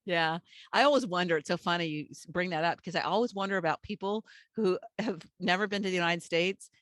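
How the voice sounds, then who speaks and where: A middle-aged woman hosting a podcast, chatting casually with a guest and reading a scripted sign-off, her sentences often trailing off softly. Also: on the low side, a little fast, no room sound. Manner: chatty, warm thanks, soft trailing endings. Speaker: podcast host. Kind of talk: casual interview chat and scripted outro.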